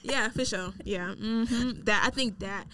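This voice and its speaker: A woman's voice: a little high, a little slow, over a noisy crowd. Laid-back slangy woman in her thirties. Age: 30s. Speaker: podcast co-host. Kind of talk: casual chat.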